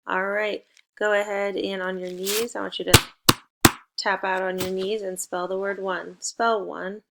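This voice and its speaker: Gravelly-voiced woman teaching phonics. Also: medium pitch, little pitch movement, a bit bright, slight background noise. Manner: spells letters out slowly and leads playful call-and-response. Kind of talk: recorded phonics lesson for young children.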